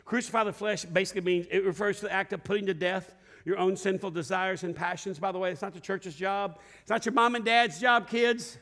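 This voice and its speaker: A man's voice: high voice, fairly quick. A middle-aged male pastor preaching a sermon to a congregation in a church, telling stories with acted-out voices and asking the room to respond. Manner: lively storytelling preacher, acts out voices and shouts. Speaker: lead pastor. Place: church sanctuary before a congregation.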